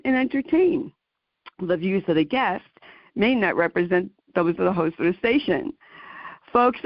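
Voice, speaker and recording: A woman hosting a radio interview show who talks effusively and emotionally, with halting "uh"s between her words. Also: medium pitch, dry recording, lo-fi sound. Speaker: host.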